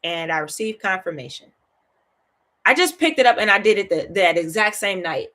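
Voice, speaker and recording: Animated, chatty woman Bible study host. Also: medium pitch, normal speed. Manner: animated, chatty, laughs often, keeps asking "right?"; repeats phrases for emphasis. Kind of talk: casual Bible study teaching.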